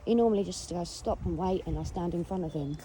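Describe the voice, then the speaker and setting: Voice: mid-range voice, quick pace, warm tone. A speaker with an English accent chatting casually while walking a dog outdoors, rambling through a story and talking to the dog in between. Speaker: dog owner vlogger. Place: outdoors on a rural walk. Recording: noisy outdoor recording with wind and traffic.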